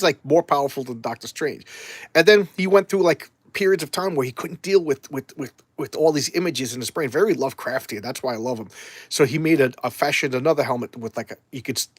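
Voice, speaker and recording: A man's voice: medium pitch, no echo. A man chatting casually and enthusiastically as a comics vlogger, rambling with restarts. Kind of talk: casual chat.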